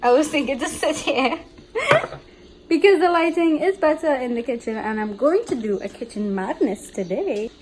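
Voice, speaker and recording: Bubbly woman with a lively, high voice. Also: moderate pace, background noise. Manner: bubbly, giggly, chatty. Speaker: dietitian vlogger. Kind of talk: casual vlog chat. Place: home kitchen.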